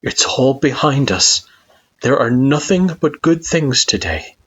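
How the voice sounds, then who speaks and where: A man's voice: medium pitch, expressive, slow pace, fairly bright tone, slightly rough, voice pushed up, heavily acted. A man voicing a formal, clipped young spirit who comforts their partner in an audio storybook. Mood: gentle. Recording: dull lo-fi recording.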